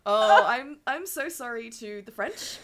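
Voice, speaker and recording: A woman's voice: on the high side, expressive, measured pace. A woman in her thirties co-hosting a podcast, with giggly, sweary banter and casual chat. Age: 30s. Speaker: podcast co-host.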